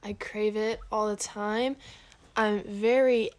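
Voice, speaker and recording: A woman's voice: mid-range voice, fairly even intonation, takes it slowly. A woman giving a chatty, easily distracted vlog update, laughing between lines.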